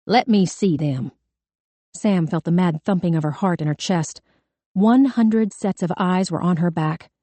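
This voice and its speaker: A woman reads a suspense novel aloud in a measured, tense way. Her voice sits low and mellow, and the recording is close and dry. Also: no room sound. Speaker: audiobook narrator. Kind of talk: scripted narration.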